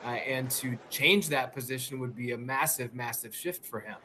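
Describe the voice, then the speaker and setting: A male correspondent speaks in a bright, forceful tone, steady and measured. He pauses on fillers and restarts phrases as he explains. A faint room ambience sits behind him. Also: mid-range voice, slight background noise. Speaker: White House correspondent. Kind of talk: live news commentary.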